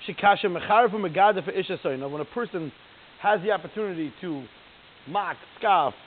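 A man with a high-pitched voice leads a text study class. He reads Hebrew lines aloud and unpacks each one in plain, chatty talk, often stopping to ask the class questions. The audio is thin and phone-like, with a faint hiss underneath. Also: brisk. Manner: reads Hebrew lines aloud, then translates and explains them; conversational, asks the class rhetorical questions. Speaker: Torah teacher.

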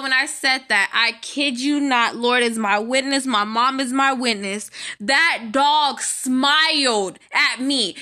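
Young woman vlogging, high voice, chatty, keeps saying y'all, allergies bugging her. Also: bright, forceful tone. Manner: chatty, addresses viewers as y'all, prayerful asides. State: allergies, itchy nose. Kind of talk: casual storytelling vlog.

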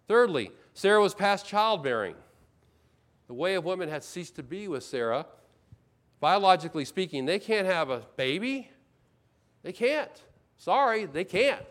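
A man's voice: on the high side, a bit bright. A male pastor preaching a sermon in a church, conversational and full of questions, often restarting sentences.

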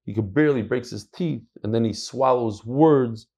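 An American man teaching a Talmud class, emphatic and animated, mixing in Hebrew and Yiddish terms. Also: medium pitch, normal speed. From United States. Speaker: Torah teacher.

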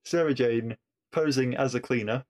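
A man's voice: medium pitch, normal speed, a little mellow. Chatty man recapping an episode. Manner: chatty, amused, with frequent restarts. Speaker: podcast reviewer.

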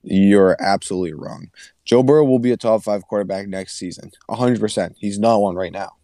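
A man's voice: lowish voice, fairly quick, mellow, no room sound, studio quality. A young man co-hosting a casual sports podcast, blunt and profane, reeling off statistics. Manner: blunt, swears, reels off stats. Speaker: podcast co-host.

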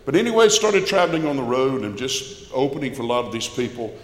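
A man's voice: medium pitch, very animated, fast. Older man telling his testimony. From Albany, Georgia. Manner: folksy, emphatic storytelling. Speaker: church musician giving testimony. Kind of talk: personal testimony to a congregation. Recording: echoey church hall with long reverb.

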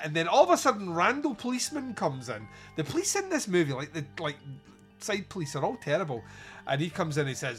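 Male podcast host, fairly high voice, animated, sweary, mocking, casual film review chat. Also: a little fast, slightly rough, faint music behind.

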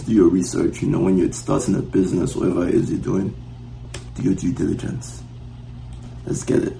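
A man's voice: low voice, vocal fry, warm tone, a little hiss or hum, poor audio. A young man co-hosting a podcast in casual chat, laid-back and hyping up his listeners. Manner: laid-back, hypes up the audience. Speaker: podcast co-host.

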